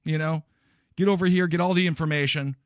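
Young man from Wisconsin, comic riffs, slightly high voice, dry close sound. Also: fairly even intonation, brisk, no echo. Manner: riffing, jokey, puts on silly voices. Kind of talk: casual comedic chat.

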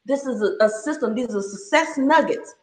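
A woman's voice: on the high side, normal speed, darkish tone. A woman in her thirties giving a passionate, preacherly faith-based talk, laughing often as she speaks. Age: 30s. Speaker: speaker sharing her story. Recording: roomy echo.

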